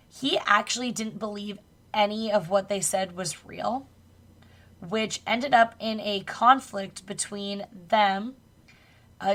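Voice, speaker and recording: A woman co-hosting a podcast tells a spooky true story in a relaxed, chatty way. She swears casually now and then and laughs along with her co-host. Her voice sits in an ordinary middle pitch. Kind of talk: casual chat, retelling a true crime story.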